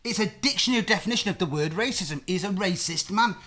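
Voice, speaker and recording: A man's voice: high voice, lively intonation, quick pace, bright, forceful tone, soft background music. Heated, swearing male stream host. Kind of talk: casual live-stream chat.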